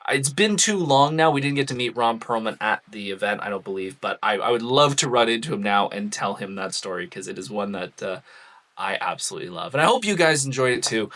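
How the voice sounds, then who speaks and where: A man tells a personal story straight to camera in a loose, chatty vlog style. His voice is bright and forward, and he fills his pauses with easygoing ums and uhs. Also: lowish voice, expressive. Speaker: cosplay vlogger. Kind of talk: casual anecdote storytelling.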